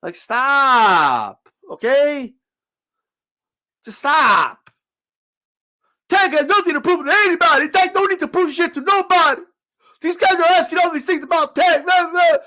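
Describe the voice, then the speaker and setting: A boxing commentator rants profanely and sarcastically, mocking critics in put-on voices and cutting them off. His voice is very high-pitched, expressive, pushed and bright, and he speaks unhurriedly with frequent pauses.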